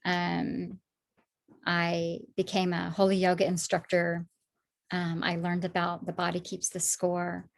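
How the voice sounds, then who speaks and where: A woman sharing her personal faith testimony in conversation, animated when acting out past moments, soft and low when reflecting. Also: a little slow, gravelly. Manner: animated storytelling, acts out her own past words.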